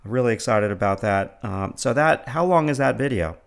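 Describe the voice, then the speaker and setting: A man's voice: medium pitch, animated, fairly quick, vocal fry. A middle-aged man with a New York accent, an art instructor casually walking through his online lessons, enthusiastic and full of fillers and repeated words. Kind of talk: casual screencast walkthrough.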